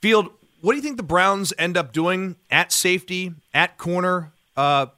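A male sports radio host introduces a guest and asks him questions. His voice is high and bright, recorded dry in the studio. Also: normal speed, no echo.

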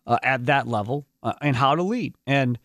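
A man's voice: medium pitch, moderate pace, a bit bright, no echo, clean studio sound. A man hosting a sports radio show, talking casually and rambling with restarts.

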